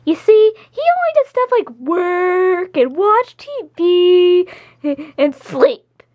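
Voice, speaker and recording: A woman's voice: very high voice, very animated, slow, no echo, lo-fi sound, full character voice. A woman voicing a chatty young female toy character, blunt and hesitant with many fillers.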